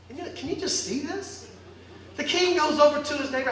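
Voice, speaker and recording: A pastor preaching a sermon in a church hall, telling the story in a lively, joking way. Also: male voice, very high voice, moderate pace, slight background noise. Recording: echoey hall, distant mic.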